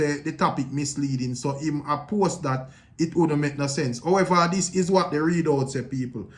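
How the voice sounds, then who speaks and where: A man's voice: a little high, a bit bright. Jamaican man hosting a livestream. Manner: measured, conversational, addresses viewers directly. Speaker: livestream host. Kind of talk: casual commentary.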